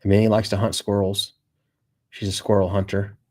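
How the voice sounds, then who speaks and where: A man with a fairly low voice hosts a loose live stream and talks straight at his viewers. His delivery is offhand and rambling, with frequent swearing and "dude" tossed in. The tone stays relaxed and conversational. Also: moderate pace. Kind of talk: casual live-stream chat.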